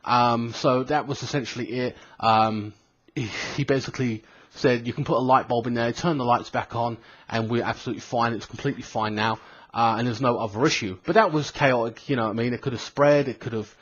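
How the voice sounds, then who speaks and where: A British man of thirty recounts a story in a loose, casual vlog, with a slightly husky voice at a middling pitch. He swears freely and keeps circling back with fillers and restarts. The home recording sounds dull and lo-fi. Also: fairly even intonation, brisk. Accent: British English. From Britain. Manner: rambling, swears a lot, many fillers and restarts. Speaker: gaming vlogger.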